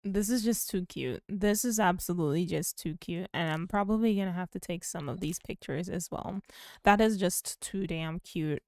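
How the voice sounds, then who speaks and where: A young woman giving excited, gushing commentary while playing a life-sim video game. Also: lowish voice, normal speed. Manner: excitable, gushing, squeals with delight. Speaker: gaming video host. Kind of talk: casual gameplay commentary.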